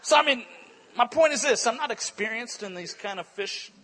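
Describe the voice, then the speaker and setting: A man with a high, bright voice preaches to a conference crowd. His tone is a little husky, and he tells animated stories, acting out what people said and laughing along. He sounds sharp and forceful, never flat. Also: normal speed. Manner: animated storytelling, acts out quotes, laughs often. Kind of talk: energetic conference sermon with stories. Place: church conference hall.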